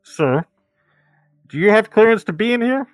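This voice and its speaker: A man's voice: sits high, lively intonation, normal speed, no room sound, voice pushed up. A man voicing a wary male security guard who challenges an intruder in a tabletop game. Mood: challenging.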